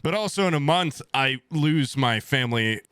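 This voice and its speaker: A young male streamer in his twenties rambles through a story to his chat, full of crude jokes and blunt swearing. His mid-range voice is bright, forward, smooth and expressive at a moderate pace, recorded close and dry with no room sound.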